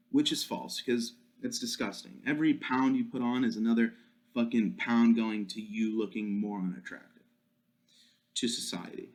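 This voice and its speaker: A man's voice: medium pitch, steady tone, moderate pace. A young man hosting a solo podcast, ranting in a crude, profane, joking way. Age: young adult. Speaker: podcast host.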